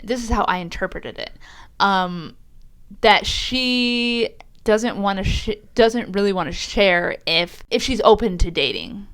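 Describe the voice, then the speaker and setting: A woman co-hosting a casual chat, chiming in with quick, short reactions. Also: mid-range voice, fairly bright tone, clean tone. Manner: quick, reactive remarks, reads aloud. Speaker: co-host of a fan channel.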